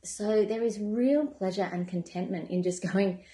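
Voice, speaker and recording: Mellow-voiced woman coach in an echoey room. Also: medium pitch, measured pace. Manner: calm, gentle, conversational, with many "you know" asides. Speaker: wellness coach running a membership program. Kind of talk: reflective self-help talk.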